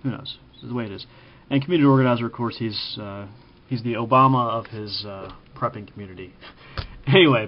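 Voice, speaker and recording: A man from Kansas giving casual spoken commentary, halting with frequent ums and self-corrections. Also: medium pitch, dull audio. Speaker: vlogger ranking TV preppers.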